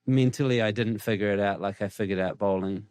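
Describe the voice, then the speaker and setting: A middle-aged man with a New Zealand accent talks through his past in a calm, reflective way. His voice sits low and smooth. The sound is close and dry. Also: a little fast, dry recording. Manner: relaxed, reflective, candid. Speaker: guest, cricket coach. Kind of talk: casual interview answers.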